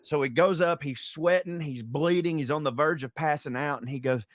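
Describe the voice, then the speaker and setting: A man's voice: a little high, moderate pace, no echo. Southern man telling jokes, dry close mic. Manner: animated joke-telling with loud put-on voices. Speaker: podcast co-host. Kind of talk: casual chat, telling jokes.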